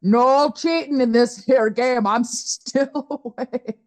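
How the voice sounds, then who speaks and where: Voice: mid-range voice, slow, lightly acted. Voiced by a tabletop player, a short, tipsy adventurer in a drinking contest. The adventurer slurs a little and refuses to back down. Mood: defiant drunk.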